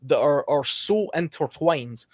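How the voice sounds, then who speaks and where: A man's voice: on the high side, expressive, measured pace. A man with a slightly raised voice, talking on a podcast in a chatty, anecdotal way. He restarts sentences with repeated words. The sound is close and dry, with no room echo. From United Kingdom. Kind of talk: casual podcast chat.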